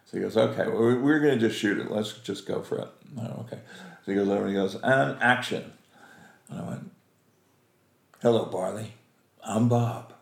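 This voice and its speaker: A man's voice: on the low side, very fast, vocal fry, hardly any pauses, echoey room. A man telling an anecdote as an interview guest, acting out the lines of the people in his story and laughing often. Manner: animated, acts out quoted voices, laughs often.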